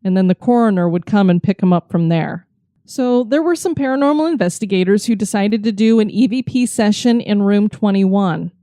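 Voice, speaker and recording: Woman podcast host, mellow tone, dry close sound, lively storytelling. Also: medium pitch, normal speed, no room sound.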